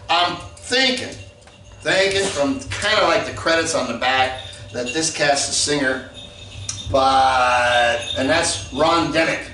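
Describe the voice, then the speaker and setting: A man hosting a record review show, talking in casual, excitable hip sixties slang. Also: fairly high pitch, far from the mic. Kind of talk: casual enthusiastic monologue. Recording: roomy echo, off-mic, faint noise.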